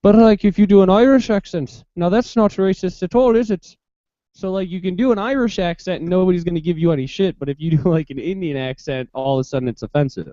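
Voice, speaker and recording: A co-host talking in a rambling, excitable way, full of "like", on a dull video-call line. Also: male voice, quick pace, no echo. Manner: rambling, lots of "like", rising pitch when excited. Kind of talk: casual podcast chat. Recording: dull, dry lo-fi call audio.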